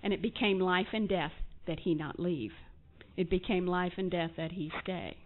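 A woman's voice: on the low side, fairly even intonation, normal speed. A woman giving a candid personal testimony at a recovery meeting, telling her story with wry humor and acting out remembered conversations. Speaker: speaker sharing at a recovery group meeting. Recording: tinny phone-like lo-fi recording with faint hiss.

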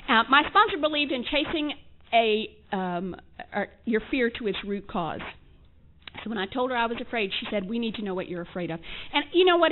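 A woman giving a candid personal testimony at a recovery meeting, telling her story with wry humor and acting out remembered conversations. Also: on the high side. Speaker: speaker sharing at a recovery group meeting. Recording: tinny phone-like lo-fi recording with faint hiss.

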